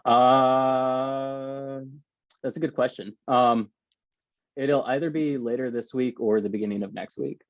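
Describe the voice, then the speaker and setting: A man's voice: mid-range voice, steady tone, measured pace, no echo. Podcast host man, dull dry sound. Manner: laughs often, short encouraging replies. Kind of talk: casual podcast chat.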